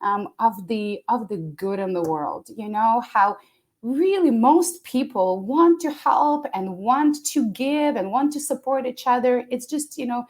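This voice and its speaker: A woman's voice: on the high side, a little mellow. A woman hosting an interview, talking in an effusive, emotional way and laughing often. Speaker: podcast host. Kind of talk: conversational interview.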